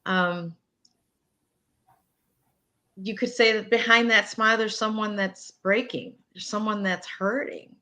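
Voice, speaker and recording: A woman's voice: mid-range voice, steady tone, slow pace, long pauses. Affirming woman interview host. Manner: warm, affirming, poses long questions. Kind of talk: supportive interview hosting.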